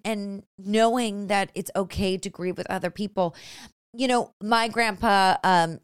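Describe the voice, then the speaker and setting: A woman's voice: lowish voice, clean tone, no room sound, studio quality. A young adult woman hosting an emotional interview, chatty and effusive, tearful at times. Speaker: host.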